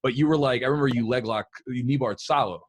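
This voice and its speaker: A man hosting a casual podcast interview, asking rambling questions full of fillers like "like" and "you know". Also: medium pitch. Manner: rapid, filler-heavy questioning. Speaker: podcast host.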